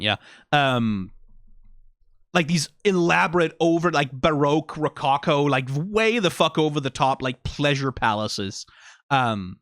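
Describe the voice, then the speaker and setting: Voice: mid-range voice, a bit bright, no room sound, studio quality. A streamer from Denmark with a Danish accent, giving casual, rambling reaction commentary full of fillers and swearing. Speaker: video reactor.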